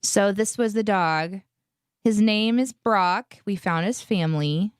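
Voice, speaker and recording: Chatty woman telling a story, smooth voice. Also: medium pitch, slow, no echo, clean studio sound. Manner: chatty storytelling, upbeat, animated. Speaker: co-host of a live morning show. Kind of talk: casual live-stream chat.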